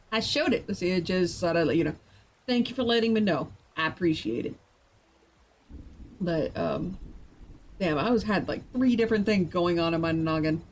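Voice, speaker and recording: Tired, chatty woman streamer. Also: mid-range voice. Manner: chatty and playful, quick to laugh. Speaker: streamer and writer. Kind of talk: casual live-stream chat.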